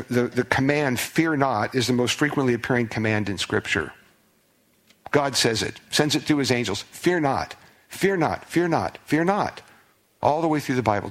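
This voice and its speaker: Earnest male pastor preaching. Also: medium pitch. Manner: earnest, repeats words in restarts. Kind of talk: sermon.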